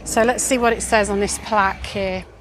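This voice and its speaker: Woman co-host, chatty and jokey, in a car with faint road hum, mid pitch. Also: steady tone, moderate pace, a bit bright. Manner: chatty, jokey, exclaiming at sights. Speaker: podcast co-host. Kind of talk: casual chat on a drive.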